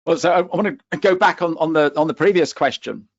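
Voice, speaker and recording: A man's voice: on the high side, fairly quick, no echo, lo-fi sound. A man with a West Country accent coaching on a webinar panel, emphatic and driving his points home with "okay?". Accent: West Country English. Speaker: LinkedIn coach for accountants.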